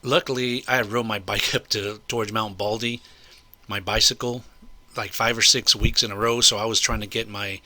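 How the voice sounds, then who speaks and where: Older man, low voice, sharp and forceful, rambling indignant storytelling. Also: fairly even intonation, moderate pace. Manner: rambling and indignant, with repeated asides. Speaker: vlogger recounting a personal incident. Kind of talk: casual spoken storytelling.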